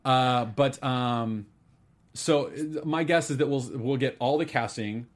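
A man's voice: mid-range voice, takes it slowly. A man casually chatting about upcoming movie news as a podcast host, rambling with many fillers and restarts.

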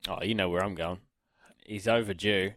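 A man's voice: low-pitched, steady tone, normal speed, fairly bright tone, no echo. Eager New radio co-host man. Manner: enthusiastic, stumbling restarts, laughs. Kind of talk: casual radio banter.

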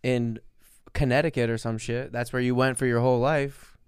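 Easygoing man, smooth dry voice. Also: medium pitch, steady tone, moderate pace, no room sound. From New Jersey. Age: 30s. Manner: easygoing, laid-back, laughs along. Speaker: podcast co-host. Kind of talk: casual chat.

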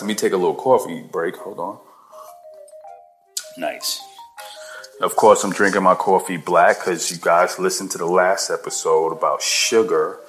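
Guy with a lowish voice doing a chill motivational podcast, keeps saying "you know", talks to listeners as "guys", faint music behind. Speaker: podcast host. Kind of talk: casual motivational monologue.

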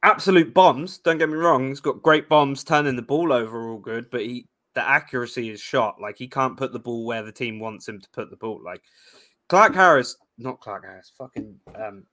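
A man's voice: medium pitch, fairly quick, hardly any pauses, fairly bright tone. A man co-hosting a casual sports talk show, swearing freely and ranting with fired-up energy. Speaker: podcast co-host.

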